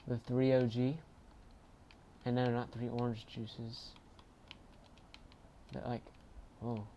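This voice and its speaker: A man casually commentating his own video game play, chatty and bursting into excited shouts. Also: medium pitch, slow pace, dull audio, slight background noise. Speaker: gaming channel host.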